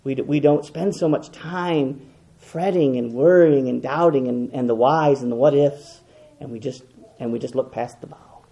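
A man preaching a sermon, impassioned, swinging between loud and hushed, repeating words as he goes. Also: mid-range voice, normal speed, muffled recording.

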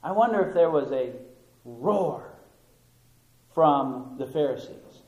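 A male preacher delivers a sermon slowly and deliberately, with a fairly high voice. He leans on single words for emphasis. The room adds a noticeable echo. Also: expressive, darkish tone. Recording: roomy echo.

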